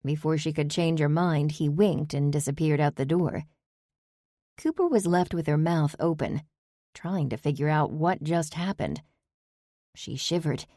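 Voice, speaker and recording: A woman narrating a novel in measured storytelling. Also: sits low, steady tone, mellow, no echo, clean studio sound. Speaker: audiobook narrator. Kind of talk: scripted narration.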